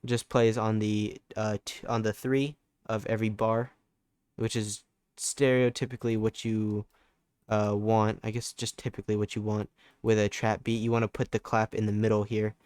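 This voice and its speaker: A man's voice: on the low side, little pitch movement, moderate pace, darkish tone, clear, resonant tone, dry recording, studio quality. A young man giving a casual, laid-back music production tutorial, loose and full of fillers and restarts. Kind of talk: casual screen-recorded tutorial.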